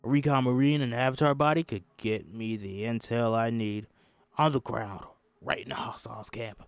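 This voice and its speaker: Brief: man reading a gruff, blunt marine colonel, throat strained, dry close mic. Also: mid-range voice, fairly even intonation, normal speed, no room sound, close to an everyday voice. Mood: scornful. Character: hard-bitten middle-aged male marine colonel. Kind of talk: amateur script reading.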